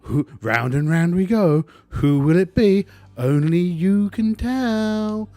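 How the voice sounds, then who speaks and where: A man's voice: sits high, lively intonation, slow pace, mellow, no room sound, voice pushed up. A man voicing a sinister, theatrical male marketeer who speaks through a speaker, gleeful and mocking. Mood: sing-song. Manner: gleeful, mocking, sing-song menace.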